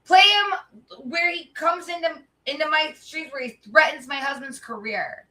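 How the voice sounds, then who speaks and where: A woman's voice: high voice, moderate pace, bright, forceful tone, rough recording. A woman livestreamer reacting to a clip, talking heatedly with a lot of swearing and speaking straight to her chat.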